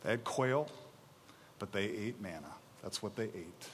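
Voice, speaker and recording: A man preaching a sermon, reading scripture and acting out the people's complaints with animated, mock-exasperated energy. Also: lowish voice, a little slow, in a large hall, a little hiss or hum. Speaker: pastor.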